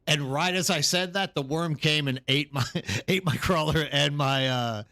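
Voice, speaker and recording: A man's voice: fairly high pitch, moderate pace, bright, forceful tone, no room sound, clean studio sound. A tired man live streaming, chatting casually and rambling as he answers viewers in the chat.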